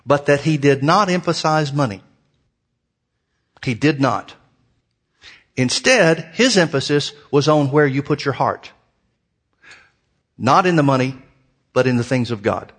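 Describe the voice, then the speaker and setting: A man preaching a sermon in a folksy, animated way, full of rhetorical questions. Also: mid-range voice.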